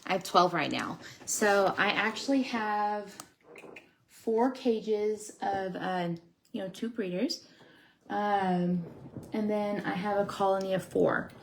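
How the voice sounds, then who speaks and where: Speaking slowly with vocal fry and a faint hiss or hum, this woman has a medium-pitched voice. She breeds sugar gliders and hosts a casual home live stream, chatting with viewers and scolding her dogs while she builds a pet toy.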